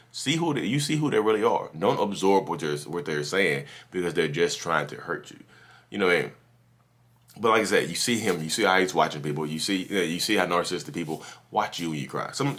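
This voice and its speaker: Low-voiced man giving animated casual advice. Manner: animated, repetitive, restarts sentences, acts out quotes. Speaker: YouTube channel host.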